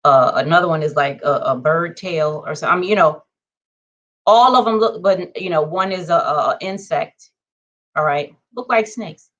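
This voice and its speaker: A woman vlogger speaking in a casual monologue, conversational and animated, checking in with her viewers and counting off her points. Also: normal speed, lo-fi sound. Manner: conversational, punctuates points with "okay?" and numbered lists; animated, swings between low asides and excited high bursts.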